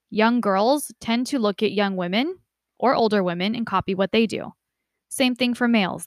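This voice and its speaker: A young woman giving a casual lecture, conversational and lively when she imitates relatives. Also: mid-range voice, dry recording, clean studio sound. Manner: conversational, animated quoting of family voices. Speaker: instructor.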